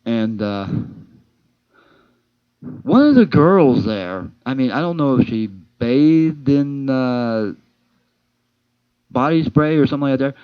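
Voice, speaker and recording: A man spins rambling, casual comic stories about his workplace, stumbling over restarts and fillers as he acts out both sides of each exchange. His voice sits at an ordinary middle pitch. The recording is dull and lo-fi, with a dry, close sound and no room echo. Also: lively intonation, slow, long pauses, clean tone. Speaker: amateur comedian telling work stories. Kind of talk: casual storytelling monologue.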